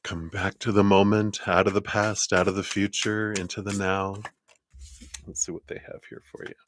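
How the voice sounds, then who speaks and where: Low-voiced chatty man reading tarot. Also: flat delivery, normal speed, a bit bright, slight background noise. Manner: chatty and reassuring, laughs often. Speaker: tarot reader hosting a live stream. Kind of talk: casual live tarot reading.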